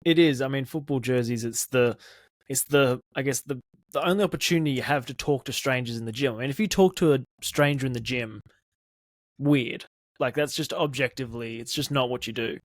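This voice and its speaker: A man's voice: medium pitch, a little fast, no echo, studio quality. Chatty, laughing man. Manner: laughs easily, chatty and self-mocking. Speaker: podcast co-host. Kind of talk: casual chat.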